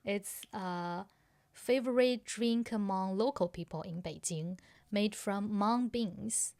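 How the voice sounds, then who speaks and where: A woman with a Chinese accent co-hosting a podcast, teaching slowly and repeating words carefully for learners. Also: medium pitch, darkish tone, no echo. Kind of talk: slow language lesson chat.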